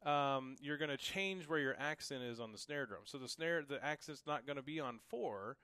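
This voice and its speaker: A man teaching drums in a relaxed, reassuring way, calling out strokes and counts as he plays. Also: medium pitch, normal speed, clean tone, dry recording. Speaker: drum teacher. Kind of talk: casual instructional talk. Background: drum kit playing.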